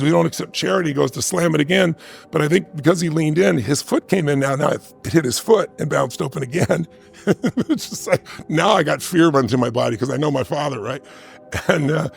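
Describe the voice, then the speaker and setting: A man with a heavily gravelly voice, speaking at a middle pitch, answers an interview question like a motivational speaker. He talks emphatically and conversationally and keeps checking in with "right?". Faint music sits underneath. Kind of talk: interview answer with personal storytelling.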